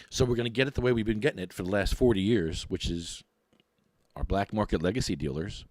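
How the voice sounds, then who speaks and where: A middle-aged man, hosting a podcast and ranting in a mocking, animated way. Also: lowish voice, no room sound, studio quality. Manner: animated, mocking, laughs often. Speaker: podcast host.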